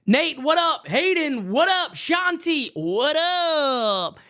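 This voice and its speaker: A man hosting a baseball fan live stream from his home setup, hyped and shouting out viewers in the chat by name. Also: extremely high pitch, sing-song, slow. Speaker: baseball fan show host.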